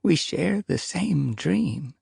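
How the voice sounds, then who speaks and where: A man lifts his voice to play an ancient she-cat from a storybook, thin and cracked, speaking with calm, knowing wisdom. The pitch rises high above his own deep voice, and the recording stays dry. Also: slow, gravelly, breathy edge, dry recording, full character voice. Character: ancient wise she-cat, tribe leader.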